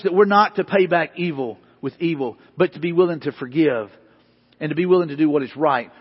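A man's voice: fairly high pitch, slightly rough. A man preaching a sermon as pastor, earnest and emphatic, repeating his points. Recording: dull sound with long hall reverb.

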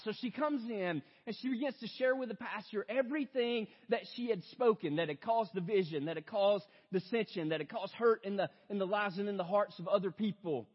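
A male pastor preaching a sermon in a conversational way, often tagging lines with "right?", and reading scripture more slowly and softly. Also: sits high. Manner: reads scripture slower and softer. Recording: reverberant hall, dull lo-fi sound.

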